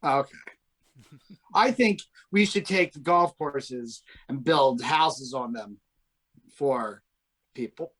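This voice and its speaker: A man's voice: mid-range voice, animated, slow pace, long pauses, fairly bright tone. A man with a Baltimore accent, co-hosting a comedy podcast in a rambling, jokey way. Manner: rambling, jokey, full of "like" and restarts. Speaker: podcast co-host. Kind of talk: casual comedic chat.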